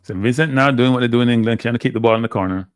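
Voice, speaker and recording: Male host for a live match watchalong. Mid-pitch voice, blunt, exasperated play-by-play, close and dry. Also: very fast, clean tone, dry recording. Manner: frustrated, blunt fan commentary.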